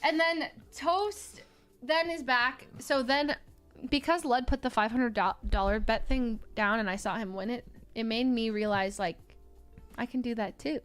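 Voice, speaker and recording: High-voiced young woman telling a lively story. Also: measured pace, clean tone, soft background music. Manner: animated, acts out others' lines. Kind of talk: casual storytelling chat.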